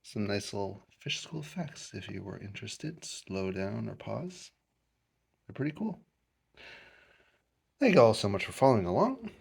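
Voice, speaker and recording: A man reading a children's picture book aloud as host, in an expressive, lilting storyteller manner. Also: on the low side, unhurried, creaky, pauses often, slight background noise.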